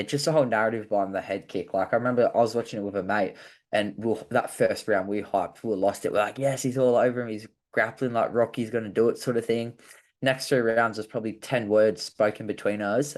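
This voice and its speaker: A man chats casually as a fighter guest. He rambles loosely and leans on "like" as a filler, stringing loose thoughts together. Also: on the low side. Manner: rambling, heavy use of "like" fillers. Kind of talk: casual chat.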